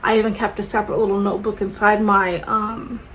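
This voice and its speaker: A woman's voice: medium pitch, flat delivery, a little fast, fairly bright tone, low-quality recording. Thirty-something woman just chatting to camera, rambly, lots of likes and ums, faint hum behind. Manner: rambling, chatty, many fillers and self-corrections. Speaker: homemaker vlogger. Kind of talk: casual chat to camera.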